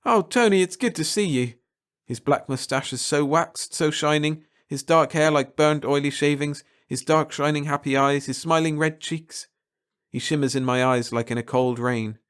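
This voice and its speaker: A man narrating a first-person short story aloud, expressive and swinging from hushed to excited. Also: a little high. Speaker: audiobook narrator.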